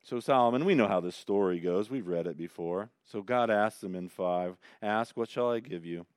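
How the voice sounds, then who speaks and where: Male pastor, deeper register, conversational sermon delivery with big swings in volume, dry close recording. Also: moderate pace, smooth, no room sound. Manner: conversational preaching, swings between loud emphasis and quiet asides.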